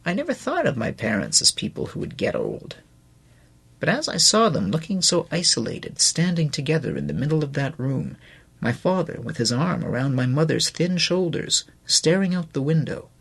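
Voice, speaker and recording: A male audiobook narrator tells the story in an expressive, measured way. His voice has a gravelly texture and a husky edge. His pitch moves freely and animatedly through the phrases.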